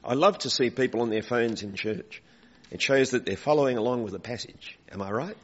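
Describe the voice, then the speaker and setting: Fairly quick and medium-pitched, a man preaches a conversational, interactive sermon in a church, putting questions to the congregation and seeking volunteers. Long hall reverb colors the dull recording.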